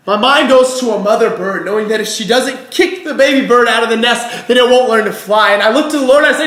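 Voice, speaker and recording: A man's voice: sits high, animated, fast talker, few pauses, fairly bright tone. A man performing spoken word poetry with a rhythmic, rhyming delivery. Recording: roomy echo.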